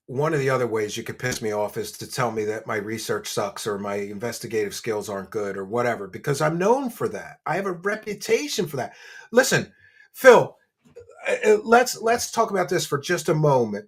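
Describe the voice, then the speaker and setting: A man hosting a commentary show, ranting and mocking, swinging between low muttering and loud shouting. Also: slightly rough.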